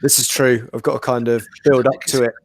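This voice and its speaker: A man's voice: medium pitch, level tone, fairly quick, no room sound. A male podcast host banters on a live stream in a dry, close recording. He teases his co-hosts and ribs the viewers with a jokey edge. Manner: teasing, jokey.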